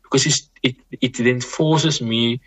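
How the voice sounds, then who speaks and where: This man is a guest Islamic scholar whose mid-range voice holds a steady, fairly bright tone. He offers thoughtful advice calmly and deliberately, often repeating and restarting phrases and interjecting religious expressions.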